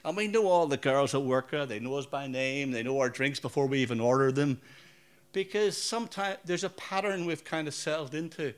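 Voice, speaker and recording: Northern Irish preacher, conversational. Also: male voice, mid-range voice, fairly quick, smooth. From Northern Ireland. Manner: conversational, anecdotal, asks the audience questions. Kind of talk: sermon with personal stories.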